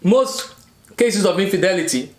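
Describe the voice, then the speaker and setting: A man's voice: high voice, expressive, normal speed, reverberant. A man in his thirties, a marriage coach co-hosting a casual mukbang chat, talking in an earnest, preachy way and checking in with viewers. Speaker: relationship and marriage coach, co-host.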